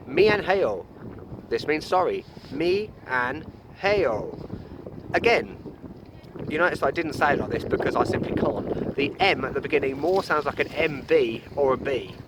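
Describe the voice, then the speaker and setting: A young man with a fairly high voice talks through a travel guide in a chatty, cheerful way. He pokes fun at himself and explains things patiently. Faint noise sits under the recording. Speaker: travel vlogger. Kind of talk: upbeat travel guide to camera.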